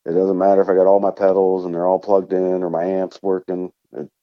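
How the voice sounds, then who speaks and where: A man's voice: low voice, little pitch movement, fairly quick, muffled recording. A man from Vermont with a Vermont accent, a musician guest telling easygoing stories in a casual interview and laughing often.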